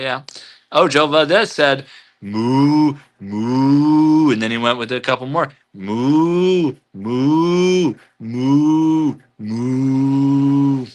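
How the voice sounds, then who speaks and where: A man hosts a casual live stream and talks through the chat with an upbeat, chatty energy. His voice is bright and forward and sits on the higher side, and he often stumbles and repeats words as he goes.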